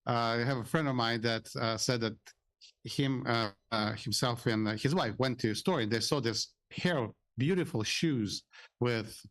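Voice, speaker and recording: A man who is a financial adviser, speaking as a radio guest in a chatty, relaxed way and telling anecdotes. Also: medium pitch, moderate pace, dry recording. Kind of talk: casual radio talk with anecdotes.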